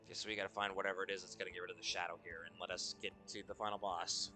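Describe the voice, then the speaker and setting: A man's voice: low-pitched, flat delivery, rapid-fire, bright, forceful tone, faint music behind. A man streaming a video game, chatting loosely and swearing, tired and yawning. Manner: loose, profane, rambling. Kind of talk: casual gaming stream chat.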